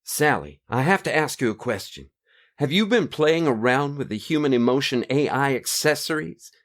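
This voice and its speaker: A man's voice: mid-range voice, sing-song, moderate pace, natural voice. An actor playing a folksy human man in an audio drama, who speaks in homespun sayings. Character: folksy human man, Curdy, fond of his dad's sayings.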